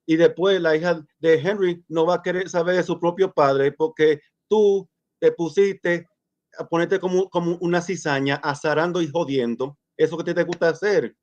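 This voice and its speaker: A man rants at a streamer, angry and stammering, repeating words as he goes. His voice sits a little high. The call audio is muffled and lo-fi. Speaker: guest caller. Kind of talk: heated rant to a streamer.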